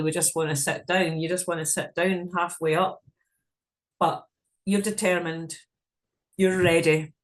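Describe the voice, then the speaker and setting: A woman leading a guided visualization in a frank, casual way, swearing freely as she talks. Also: sits low. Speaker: meditation guide.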